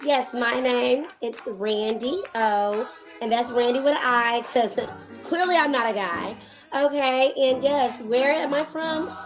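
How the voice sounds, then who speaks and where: A woman with a Texan accent from Dallas, talking in a sassy, playful, animated way in a casual interview. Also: fairly high pitch, takes it slowly, music in the background, poor audio. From Dallas, Texas. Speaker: interviewee, media personality.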